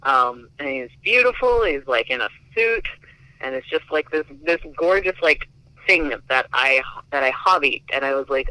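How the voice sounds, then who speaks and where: A man's voice: medium pitch, animated, normal speed, bright, forceful tone, no room sound, poor audio. A man telling a personal story in a casual, chatty way, filling his speech with "like" and "um". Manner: chatty, filler-heavy with many likes. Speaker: interviewee.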